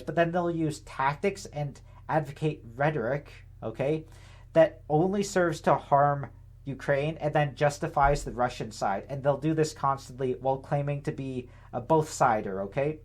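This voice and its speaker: A young man with a somewhat high voice talks through political commentary in a loose, unscripted way. He rambles, leans on fillers and tag questions, and sounds sarcastic and indignant. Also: moderate pace. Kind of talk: casual commentary monologue.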